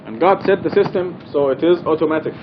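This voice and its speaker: A man leads a study class in a mosque with an earnest, emphatic delivery, driving his main points home through repetition. His voice sits a little high for a man. The recording sounds dull and lo-fi, with a faint rumble underneath. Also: quick pace. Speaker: Quran study teacher. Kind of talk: religious study lecture.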